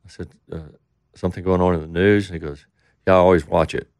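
A man's voice: low voice, steady tone, fast talker, darkish tone, clean tone, dry recording, clean studio sound. A middle-aged man telling a rambling story in casual talk, acting out the voices of the people he quotes. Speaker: interview guest.

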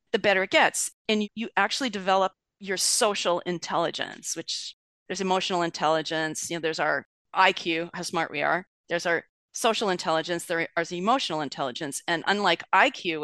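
A middle-aged woman talking as an author and guest in an interview, chatty and animated, laughing often as she talks. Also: lowish voice, brisk, no echo. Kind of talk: conversational interview.

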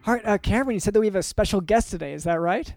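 A man co-hosting a comedy podcast, speaking deadpan and hesitantly with many fillers. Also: high voice, very fast, creaky, loud music behind the voice. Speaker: podcast co-host.

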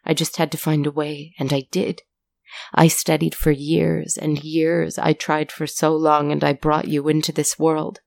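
Scientist mother, storybook, low and gravelly, pleading and stern, read by a woman. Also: level tone, measured pace, darkish tone, no room sound.

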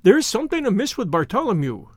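A man doing a trembling, fearful gentleman. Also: high-pitched, huge pitch swings, fairly quick, no echo, clean studio sound, full character voice. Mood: frightened. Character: timid, fearful middle-aged man, nervous.

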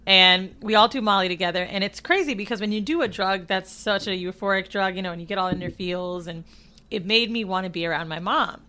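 A woman's voice: mid-range voice, a little fast, sharp tone. A woman co-hosting a podcast, telling blunt and crude stories in casual chat.

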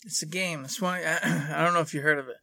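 Bright-voiced easygoing podcast guy. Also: a little high, steady tone, fast talker, gravelly, no room sound, clean studio sound. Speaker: podcast co-host. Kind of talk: casual chat.

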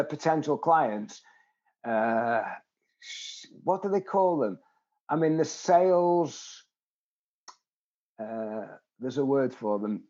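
On a muffled recording, a man in his seventies being interviewed speaks in a fairly high but darkish voice. He's a lively storyteller who performs the voices of those he quotes.

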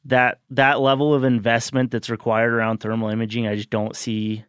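A man chatting on a podcast with a relaxed, rambling manner, full of fillers as he tells his story. His voice is mid-pitched. The sound is close and dry. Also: normal speed, smooth, no room sound, dull audio. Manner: loose, filler-heavy storytelling. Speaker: podcast guest. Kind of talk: casual chat, storytelling.

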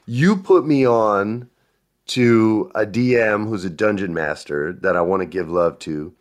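A man's voice: on the low side, unhurried. A man hosting a podcast, telling stories in a casual chat and acting out the voices of the people he quotes. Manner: animated, acts out quoted voices. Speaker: podcast host.

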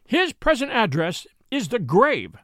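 A man voicing a grieving elderly widow in a storybook reading, speaking low, slow and solemn. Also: wildly swooping pitch, a bit bright, no echo, clean studio sound, heavily acted. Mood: sudden fury.

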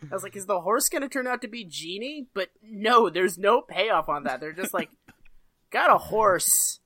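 A woman's voice: mid-range voice, expressive, moderate pace, a bit bright, no echo. A woman co-hosting a podcast in casual chat, joking and laughing often as she recaps an old TV show. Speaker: podcast co-host.

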